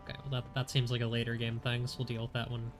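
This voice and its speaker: Racing along in a completely flat, medium-pitched voice, a stuffy-sounding man chats through his game stream. The commentary is casual and self-deprecating, with game music in the background.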